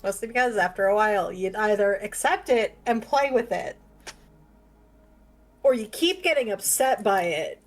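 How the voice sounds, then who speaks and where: A woman's voice: mid-range voice, lively intonation, normal speed, poor audio. A woman chatting casually as a player in a tabletop game, laughing often.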